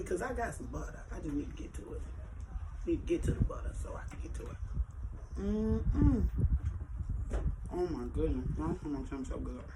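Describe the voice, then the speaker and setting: A woman hosts an eating show, chatting casually with viewers and often talking with her mouth full, letting out long, savoring hums between bites. Her voice is on the low side, and there's heavy background noise.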